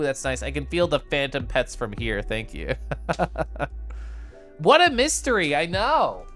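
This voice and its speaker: Playful male streamer, lively voice. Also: medium pitch. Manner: playful, sappy, giggly, does silly voices. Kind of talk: casual game stream chat. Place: at home.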